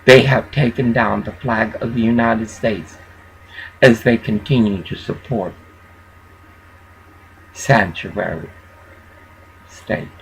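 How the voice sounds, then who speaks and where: A man's voice: on the low side, slow, creaky, pauses often, a little hiss or hum, rough recording. A man vlogging a rambling, profane rant, scattered and broken by chuckles. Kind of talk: rambling monologue.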